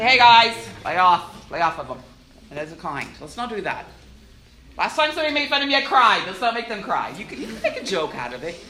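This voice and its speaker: A woman giving a church youth-group talk, acting out little voices as she goes. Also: mid-range voice. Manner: animated, acts out little voices. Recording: echoey room.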